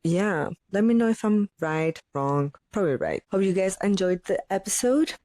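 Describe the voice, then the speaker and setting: A woman's voice: mid-range voice, moderate pace, no echo. Opinionated woman podcaster from Greece, dry sound. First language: Greek. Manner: opinionated, animated storytelling. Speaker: podcast host. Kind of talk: solo podcast monologue.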